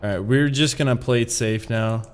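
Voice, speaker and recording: A man's voice: mid-range voice, normal speed, a little hiss or hum. A man streaming a video game, chatting casually and laughing at himself. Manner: rambling, laughing, self-mocking. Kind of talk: casual gaming commentary.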